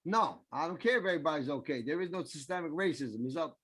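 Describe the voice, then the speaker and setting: A man's voice: on the high side, fast talker, fairly bright tone, breathy edge. A man co-hosting a comedy talk show, blunt and argumentative, tripping over repeated words as he rants. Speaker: comedian co-host. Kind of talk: loud comedic banter.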